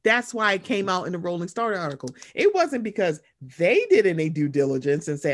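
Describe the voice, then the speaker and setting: A man hosting a casual chat, animated and sarcastic, swearing freely and slipping into mocking voices. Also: sits high, normal speed, hardly any pauses.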